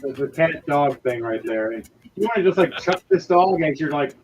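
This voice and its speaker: A man runs a tabletop game with a casual, crude delivery full of fillers and restarts. His voice sits a little high. Faint music plays under him. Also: expressive, moderate pace, rough recording. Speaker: game master. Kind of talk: narrating a tabletop game over a stream.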